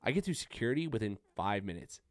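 A man's voice: fairly low pitch, quick pace, no echo, studio quality. A young man hosting a podcast, telling a story in casual chat with lots of swearing. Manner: profane, animated storytelling. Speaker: podcast host.

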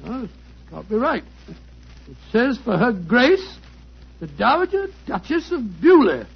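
A man's voice: extremely high pitch, sing-song, unhurried, gravelly, slightly rough, full character voice. A man playing Dr. Watson, a genial, bumbling doctor who talks hesitantly and heartily, in a 1940s radio drama. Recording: dull 1940s radio broadcast.

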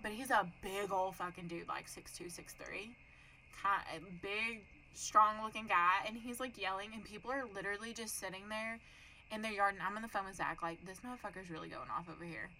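Bright, animated woman. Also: medium pitch, fairly quick, a little hiss or hum, rough recording. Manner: animated, profane, acts out voices in her story. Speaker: podcast co-host. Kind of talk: casual chat, storytelling.

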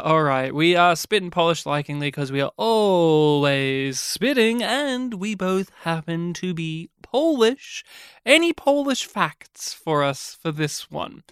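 A man hosting a podcast, joking and playful, his voice getting croaky. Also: on the high side, a bit bright, no room sound, studio quality. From Australia. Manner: joking, playful, self-deprecating. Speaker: podcast host. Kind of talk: casual chat.

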